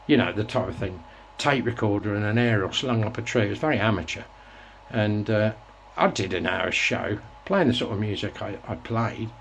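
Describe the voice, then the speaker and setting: Fairly low-pitched and expressive, this sixty-something host speaks at normal speed with a little hiss or hum behind him. He wanders through casual, reflective stories on his own show, often stopping to start over.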